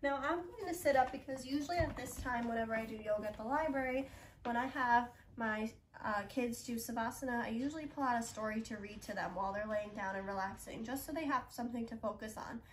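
A young woman, a library yoga instructor, gently coaxing children through a breathing lesson. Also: on the high side, far from the mic, slight background noise. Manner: encouraging, coaxing, talks slowly to children. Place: library room, indoors.

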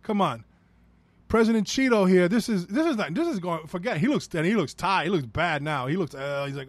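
A man's voice: high-pitched, expressive, fairly quick, no echo. A man with a New York accent ranting through a solo podcast episode, profane and rambling, talking in a heated way. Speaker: podcast host.

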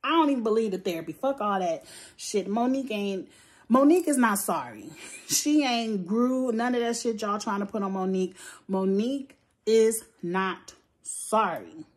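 A woman giving a blunt, profane, animated review of a reality show in a casual vlog. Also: fairly high pitch, moderate pace. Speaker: reality TV recap vlogger. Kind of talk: casual opinionated commentary.

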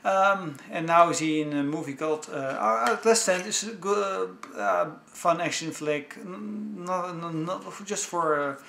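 A man chatting casually about films he owns, talking with enthusiasm in a halting way full of restarts. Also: on the high side, lively intonation, gravelly, pushed and bright, a little hiss or hum. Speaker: movie vlogger. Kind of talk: casual home-video review. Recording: echoey room.

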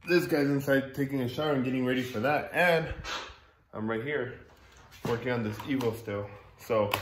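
Male vlog host, loose and jokey, mid pitch, echoey outdoor sound. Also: a little hiss or hum. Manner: loose, joking, explains things to viewers. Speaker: vlogger host. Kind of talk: casual talk to camera.

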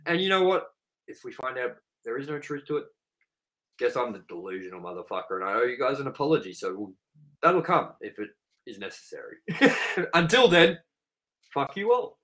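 A man's voice: mid-range voice, big pitch swings, normal speed, a bit bright. An Australian man hosting a casual podcast, his talk heated and full of profanity. He rants hard, pressing each point. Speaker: podcast co-host.

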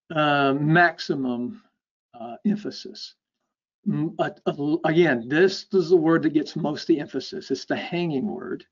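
A man delivers an academic lecture in a fairly high voice, walking listeners through each point and checking in with "okay?". He often stops and restarts mid-sentence. The recording is dull and lo-fi. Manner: explanatory, checks in with frequent "okay?"; halting, with repeated restarts.

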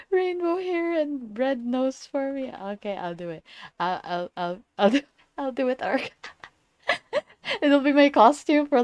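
A woman's voice: medium pitch, no echo. A young adult woman on a casual livestream. She greets viewers, giggles often, and stumbles over repeated words.

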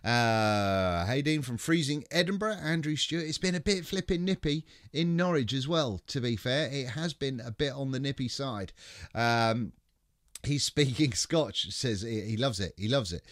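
A man's voice: mid-range voice, normal speed, no room sound, clean studio sound. A man hosting a casual livestream, reading out viewer greetings and stumbling cheerfully over names. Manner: chatty, stumbles over names, laughs often, swears casually. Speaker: livestream host. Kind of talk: casual live chat reading viewer comments.

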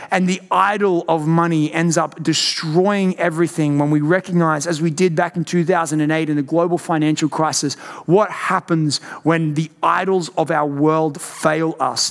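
A young pastor preaches to his church in a high, bright-toned voice. He pushes up into loud outbursts, then drops to quiet, searching questions. It is a passionate, heartfelt sermon. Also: fairly even intonation, normal speed, gravelly, few pauses. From Australia.

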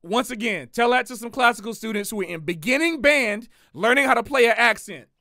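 A man, a jazz musician hosting a livestream, talking in a casual, slangy and animated way and repeating phrases for emphasis. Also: very high voice, a little fast, no room sound, clean studio sound.

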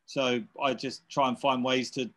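A man in his fifties chats casually in an interview. He rambles and restarts, pads his talk with fillers, and speaks at a middle pitch. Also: little pitch movement, normal speed, a bit bright, slight background noise. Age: 50s. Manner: rambling, many fillers and restarts, laughs while telling stories. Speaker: interviewee, electronic musician. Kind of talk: casual chat.

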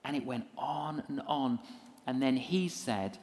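A man's voice: mid-range voice, unhurried. A man, a minister, telling a story in a lecture with self-mocking humor and acted-out voices. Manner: animated storyteller who acts out voices. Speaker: minister and evangelist.

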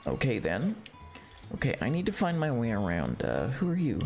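Excitable man streaming a game. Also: on the low side, normal speed. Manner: excitable, chatty, easily delighted. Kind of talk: casual gameplay commentary. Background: faint game music.

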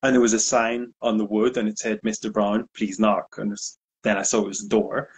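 A man's voice: fairly low pitch, fairly quick, a little hiss or hum. A man in a casual interview, telling a story with lots of fillers and acted-out quotes. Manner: animated anecdote, acts out quotes. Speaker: guest DJ.

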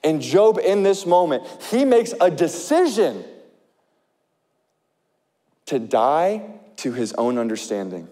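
Impassioned pastor in a reverberant hall. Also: male voice, a little high, sing-song, takes it slowly, pauses often. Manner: impassioned, swings from loud to hushed. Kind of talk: sermon.

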